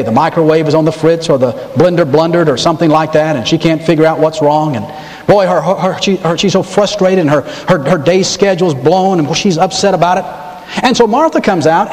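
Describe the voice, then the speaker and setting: A man's voice: a little high, fairly quick, darkish tone, big-room sound. A man preaching a sermon as pastor, emphatic and repeating key words for stress.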